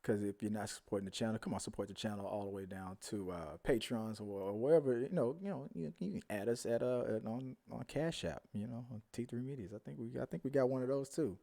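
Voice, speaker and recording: A man hosting a casual live-stream review, rambling and animated, often trailing off into mumbles. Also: medium pitch, fast, creaky, hardly any pauses. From Houston, Texas area. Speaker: show host.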